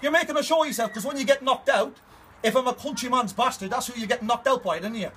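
A man's voice: extremely high pitch, quick pace, a bit bright, a little hiss or hum. An adult man issuing a fight challenge in a confrontational video message, taunting and aggressive, repeating himself to drive points home. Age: adult, older than 21.

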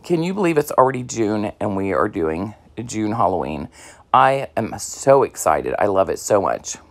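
A woman talks her viewers through a craft project at her home table in easygoing, rambling fashion, full of ums and you-knows. Her pitch swings up and down in a lively way. She sounds slightly out of breath. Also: moderate pace. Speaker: craft vlogger. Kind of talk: casual crafting tutorial talk.

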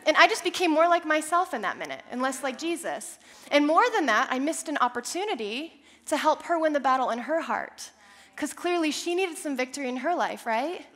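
Bright-voiced young woman preaching. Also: high voice, brisk. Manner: animated storytelling, self-deprecating humor. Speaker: church speaker. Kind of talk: sermon with personal story.

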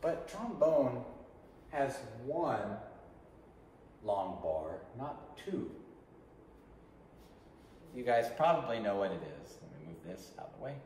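A man's voice: mid-range voice, darkish tone, a little hiss or hum. A man teaching an online English class, patiently drilling sentence patterns for students to repeat. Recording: echoey room from a distance.

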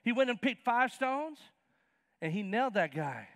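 Animated high-voiced preacher. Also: male voice, normal speed, no echo, clean studio sound. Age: 50s. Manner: animated, acts out Bible characters in slangy voices. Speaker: pastor. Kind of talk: sermon. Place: church sanctuary.

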